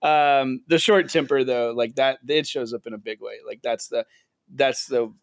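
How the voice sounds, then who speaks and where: A man's voice: mid-range voice, fairly even intonation, normal speed, no echo. A man co-hosting a casual podcast, easygoing and hesitant, laughing a lot. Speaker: podcast co-host. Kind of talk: casual conversational podcast chat.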